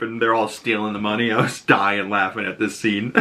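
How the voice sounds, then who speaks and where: Boston-accented man, casual recap vlogger, bright voice, rambling and chatty. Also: on the low side, steady tone, moderate pace. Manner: rambling and chatty, full of "like" and "you know", laughing often. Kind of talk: casual episode breakdown.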